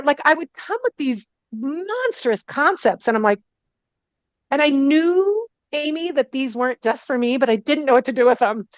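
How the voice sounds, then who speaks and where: A woman with a fairly high voice tells a story in an animated, chatty way, leaning on fillers and acting out what others said. The recording is dry and a bit muffled. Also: normal speed, dry recording. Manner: animated, acts out quoted dialogue, many "like" and "I go" fillers. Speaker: guest, energy healer. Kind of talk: casual storytelling in an interview.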